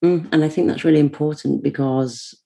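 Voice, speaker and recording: A woman hosting an interview who listens attentively, offering frequent soft agreement and her own reflections. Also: sits low, steady tone, a little fast, gravelly. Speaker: podcast host. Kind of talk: conversational podcast interview.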